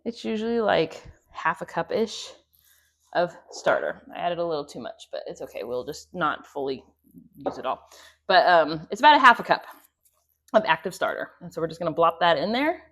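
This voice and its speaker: A woman's voice: lowish voice, big pitch swings, normal speed, fairly bright tone. A chatty woman gives a casual cooking demonstration in her home kitchen, joking and laughing at herself as she works. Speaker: homestead host. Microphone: clip-on mic.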